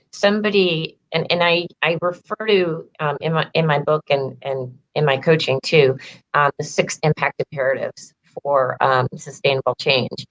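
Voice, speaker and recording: A woman's voice: deep voice, a little hiss or hum. A woman empowerment coach telling her story in a casual interview, chatty with lots of fillers and acted-out quotes. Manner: chatty, heavy "like" fillers, acts out quoted dialogue.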